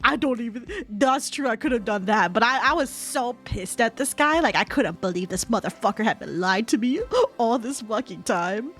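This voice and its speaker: Young female streamer, high and very animated, cursing freely as she tells a story. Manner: profane, animated, laughs often. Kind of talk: casual storytelling chat.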